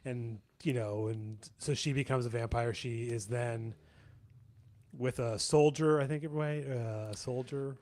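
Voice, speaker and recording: A man hosting a podcast, talking through a film in a halting, self-correcting way. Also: medium pitch, fairly even intonation, a little mellow. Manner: halting, restarts and hedges. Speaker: podcast host and editor. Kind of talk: casual film discussion.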